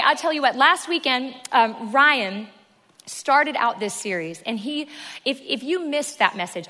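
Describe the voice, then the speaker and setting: A woman's voice: fairly high pitch, bright, forceful tone. A woman preacher delivering a sermon to a congregation, emphatic and repeating key phrases. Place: church hall. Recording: long reverb of a large room.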